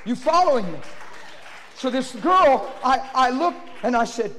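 Guy preaching hard, high voice that swings all over, bursts out loud, big echoey hall. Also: lively intonation, a little slow. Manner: fervent storytelling with sudden loud outbursts. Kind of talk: sermon testimony. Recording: long reverb of a large hall.

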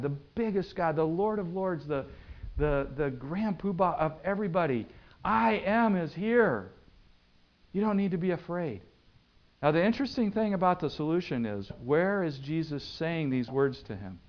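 Pastor, male, dramatic sermon delivery with sharp loud and soft swings, dull lo-fi recording. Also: on the high side.

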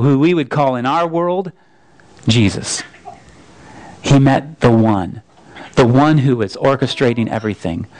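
A man's voice: mid-range voice, darkish tone, poor audio. Male pastor, earnest sermon delivery with many repeated phrases and restarts. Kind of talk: sermon with story reading.

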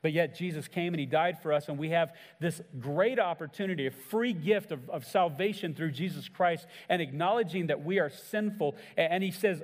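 A man delivers a sermon from the pulpit, his voice a touch higher than most men's. He preaches earnestly, and his voice swells or falls quiet as he acts out quoted words. A long reverb from the church hall trails behind each phrase. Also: moderate pace, hardly any pauses. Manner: earnest preaching, acts out quoted lines with shifts in pitch and volume. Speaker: pastor.

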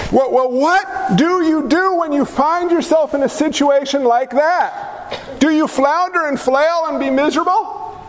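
Energetic male pastor, high voice, playful and questioning, reverberant church hall. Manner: energetic, joking, asks the congregation questions. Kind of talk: sermon. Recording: echoey hall with faint noise.

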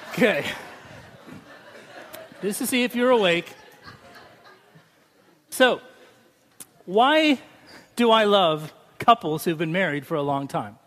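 Male pastor, high-pitched, casual humorous sermon style, recorded in a reverberant hall. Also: fairly bright tone, a little hiss or hum. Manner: chatty, humorous preaching with laughs. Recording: long hall reverb from a large room.

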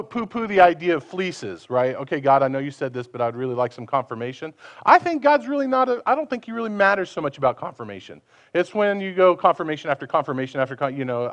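Lively conversational man preaching a sermon. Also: sits high, dull audio. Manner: conversational, asks the listeners questions, acts out quoted voices.

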